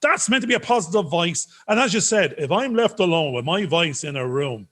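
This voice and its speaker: A man with a high voice, talking in lively, self-mocking jokes as a podcast co-host. He riffs and teases with playful energy. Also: brisk. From Ireland. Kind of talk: joking podcast banter. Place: video call.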